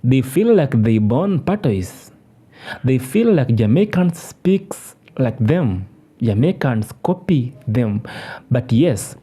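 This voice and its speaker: Halting man narrating. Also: medium pitch, dark tone, breathy edge. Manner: halting, with restarts. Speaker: channel host. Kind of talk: informal explainer narration.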